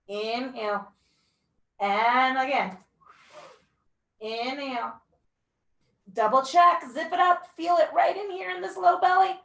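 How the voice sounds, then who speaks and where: A young woman teaches mat pilates slowly, pausing often, her high voice gravelly and fairly bright. She gives breath counts and encouragement, whooping once in a while. Her voice comes from a distance in an echoey room.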